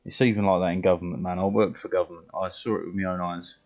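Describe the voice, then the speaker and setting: British male streamer, very low voice, blunt and sweary, dull lo-fi mic sound. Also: fairly even intonation, fast, hardly any pauses, a little mellow. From Britain. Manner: blunt, sweary, laughs often. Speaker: game streamer. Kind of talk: casual chat while gaming.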